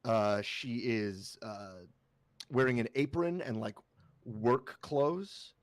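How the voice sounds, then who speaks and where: A man narrating as game master in a tabletop role-playing game, halting with many fillers. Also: mid-range voice, no room sound.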